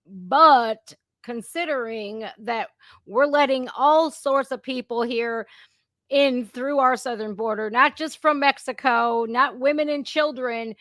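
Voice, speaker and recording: A woman's voice: on the high side, takes it slowly, fairly bright tone, no room sound, studio quality. A woman hosting an impromptu live stream, talking straight to her viewers in an indignant, chatty way. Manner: indignant, conversational, addresses viewers directly. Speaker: reaction channel host.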